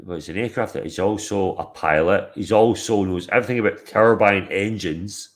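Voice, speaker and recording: Loud sweary stream host guy, lowish voice, ribbing his viewers. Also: moderate pace. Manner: rowdy, swearing, teasing. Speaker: livestream host. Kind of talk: casual chat to a live chat.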